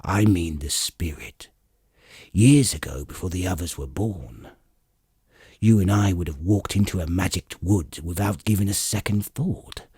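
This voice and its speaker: A man doing a gruff old dwarf warrior. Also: sits low, moderate pace, dark tone, no room sound, studio quality, exaggerated voice. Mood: gloomy. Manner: gruff, grumbling.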